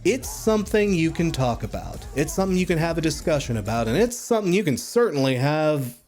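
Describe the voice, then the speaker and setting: A man's voice: a little high, big pitch swings, a little fast, a little mellow, faint music behind. A man reviewing albums in a casual, blunt and profane monologue, rambling and joking. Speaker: music critic.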